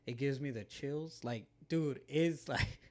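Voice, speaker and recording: A man's voice: mid-range voice, unhurried. Young male co-host, laid-back and rambling, casual profanity, filler-heavy chat.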